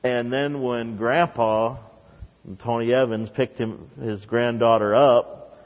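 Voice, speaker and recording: A male pastor delivering a sermon, dropping to soft, low asides and then climbing into loud, ringing emphasis. His voice carries a long reverb tail, like a large sanctuary. The sound is somewhat dull and muffled. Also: steady tone, slow pace.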